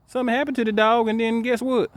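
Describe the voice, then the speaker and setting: A man's voice: very high voice, level tone, fast talker, dry recording. A man giving a casual ranting monologue to camera, emphatic and repetitive, stumbling over repeated words. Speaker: dog breeder vlogger.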